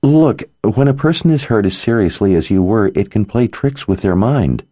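A man's voice: lowish voice, animated, normal speed, dark tone, no room sound, clean studio sound, voice pushed up. A man voicing an earnest young sorceress. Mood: cautious. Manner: earnest, pleading. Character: earnest worried young female sorceress healer.

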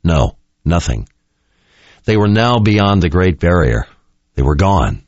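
A man voicing a grave, bitter young man in an audiobook, speaking low and quietly. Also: very animated, slow pace, no room sound, full character voice. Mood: somber. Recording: dull lo-fi dry recording.

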